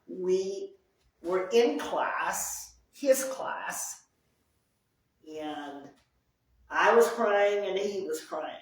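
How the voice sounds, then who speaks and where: Slow earnest woman in an echoey room. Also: fairly low pitch, recorded from a distance. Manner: earnest, repeats phrases for emphasis. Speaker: group session leader. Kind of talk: talk to a support group. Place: group meeting room.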